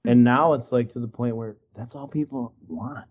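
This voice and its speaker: A man from Wisconsin spins a loose, casual story on a video call, full of likes and you-knows, slipping into the voices of the people he quotes. His voice sits at an ordinary middle pitch, and the call audio sounds a little dull. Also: normal speed. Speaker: guest artist.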